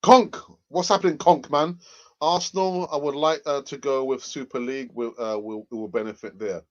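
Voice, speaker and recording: A man hosting a football fan livestream in casual chat. He is excitable and often repeats his phrases for emphasis. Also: mid-range voice, moderate pace, dull audio. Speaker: football fan channel host.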